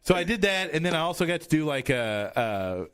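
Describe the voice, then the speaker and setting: A man's voice: a little high, very animated, normal speed, a bit bright, clear, resonant tone. A man hosting a casual studio chat show, rambling and restarting his sentences often. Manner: rambling, trailing off, many restarts. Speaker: podcast host. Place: radio studio.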